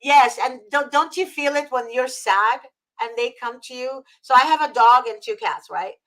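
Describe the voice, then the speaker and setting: A woman from Egypt hosts a casual chat in a slightly high voice. She gushes and gets emotional easily. Her sentences stumble and restart, full of fillers. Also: normal speed, a bit bright, rough recording. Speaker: host. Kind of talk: casual video-call chat.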